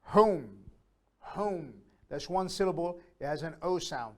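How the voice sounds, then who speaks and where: A man teaching a beginner English lesson, patiently explaining step by step and slowly repeating each word aloud so learners can copy it. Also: fairly high pitch, expressive. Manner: slow, repeats words aloud to model pronunciation.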